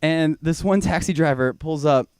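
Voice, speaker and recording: A young man doing a stand-up comedy set in a small comedy bar, telling a rambling, self-mocking story and now and then breaking into loud, high-pitched shouting. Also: moderate pace, clean tone, no room sound.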